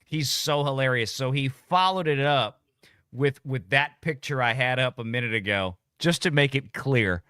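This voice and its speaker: A man's voice: mid-range voice, moderate pace, sharp tone, clean tone, no echo, studio quality. A man hosting a live political talk stream, chatting casually with many restarts and easy laughs. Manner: rambling, frequent restarts, laughs easily.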